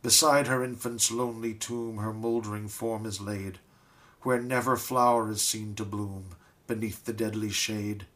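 A man recites a tragic old ballad at a slow, unhurried pace, with solemn and measured phrasing. His pitch sits in an ordinary middle range, and each line is given weight. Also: fairly bright tone. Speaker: reader. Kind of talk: dramatic poetry recitation.

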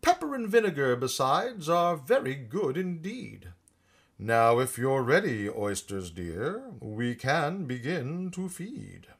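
Walrus: a man doing a coaxing, husky walrus. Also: mid-range voice, big pitch swings, slow pace, full character voice. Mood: grand. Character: sly sentimental walrus, talkative and grand.

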